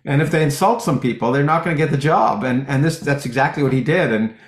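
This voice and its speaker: A middle-aged man, a physicist guest in an interview, talking in long rambling stretches full of restarts and lively anecdotes. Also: fairly high pitch, quick pace, reverberant. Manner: rambling with many restarts, animated when telling jokes. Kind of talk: conversational interview, anecdotal storytelling.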